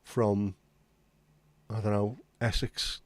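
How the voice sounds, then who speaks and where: A man's voice: on the low side, level tone, slow, dry recording. A man hosting a casual livestream chat, rambling and reading out viewer comments. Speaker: livestream host.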